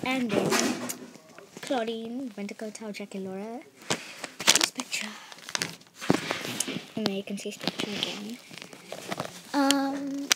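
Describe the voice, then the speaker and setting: A woman's voice: fairly high pitch, a little slow, pauses often, heavy background noise. A woman vlogger walking viewers through her drawings in casual, rambling storytelling with many fillers. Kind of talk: casual show-and-tell narration.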